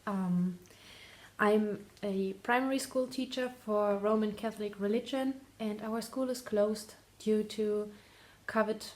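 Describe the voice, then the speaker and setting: A young woman talks in English with a German accent, easygoing and chatty. She laughs often and stops to correct her own words as she goes, as a host speaking from home. Her voice sits at an ordinary middle pitch. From northern Germany. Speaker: podcast host. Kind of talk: casual chat. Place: home in Lower Austria.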